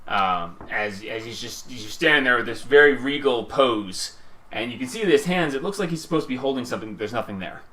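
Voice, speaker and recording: A man's voice: medium pitch, expressive, fairly quick, bright, forceful tone. A man running a tabletop game as game master, describing the scene in a rambling way with many fillers.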